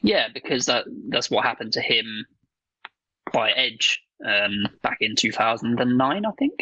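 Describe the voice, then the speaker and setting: A man's voice: mid-range voice, expressive, a little slow, pushed and bright, breathy edge, no room sound, lo-fi sound. A man co-hosting a casual podcast chat, blunt and swearing freely. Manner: blunt, swears freely, acts out voices while joking. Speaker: podcast co-host.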